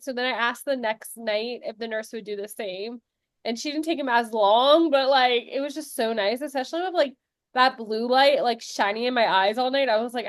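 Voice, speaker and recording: A woman's voice: fairly high pitch, a little fast, no room sound, studio quality. A young woman co-hosting a podcast, chatting casually and laughing as she tells stories. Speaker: podcast co-host, new mother. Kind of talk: casual chat.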